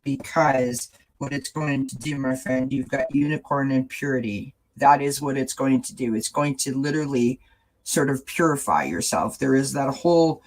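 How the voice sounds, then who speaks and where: A live-stream host talks through oracle cards in a loose, rambling way. The speech is casual and full of small fillers, at a mid pitch. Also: moderate pace, rough recording. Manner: rambling and warm-hearted, with many fillers. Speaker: host of a tarot chat stream.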